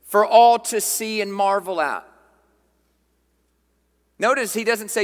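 A man's voice: high-pitched, takes it slowly, pauses often. A man preaching a sermon as pastor, reading scripture aloud and repeating key phrases with emphasis. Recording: long hall reverb.

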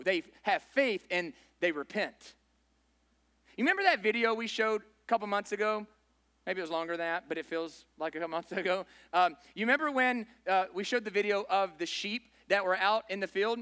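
Guy preaching in church, pretty high voice, talks casual, keeps asking the room stuff. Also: animated, moderate pace, sharp tone. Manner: informal, asks the congregation questions, says "right?" often. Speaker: pastor. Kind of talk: conversational sermon.

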